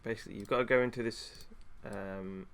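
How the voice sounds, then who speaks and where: Guy streaming and ranting, kinda low voice, lots of ums and restarts. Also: steady tone, brisk, vocal fry. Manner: ranting, frustrated, many fillers and restarts. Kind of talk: casual chat.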